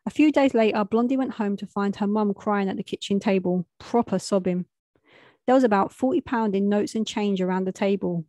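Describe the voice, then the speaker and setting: A woman's voice: medium pitch, fairly quick, dark tone, dry recording. A young adult woman, telling a street story in a plain, matter-of-fact way with street slang.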